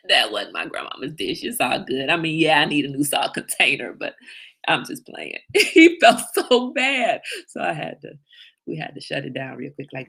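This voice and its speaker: A middle-aged woman hosting a livestream, chatting casually and emphatically with viewers and telling animated stories. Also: low-pitched, moderate pace, gravelly, breathy edge. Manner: animated storyteller, emphatic, reads viewer comments. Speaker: livestream host.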